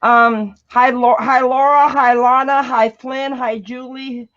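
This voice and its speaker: An upbeat woman chatting as a guest on a live art stream, eager and friendly. Her voice is fairly high and comes through dull, lo-fi remote call audio. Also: fairly even intonation, slow pace, a bit bright. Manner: upbeat and eager, greeting viewers. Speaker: guest artist. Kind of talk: casual live-stream chat.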